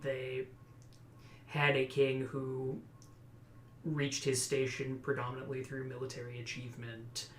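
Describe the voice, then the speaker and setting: A man's voice: mid-range voice, completely flat delivery, a little slow, long pauses, a little hiss or hum. Dry-humored man in an echoey room. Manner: dry, sardonic. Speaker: podcast co-host and player. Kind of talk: casual podcast discussion. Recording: roomy echo.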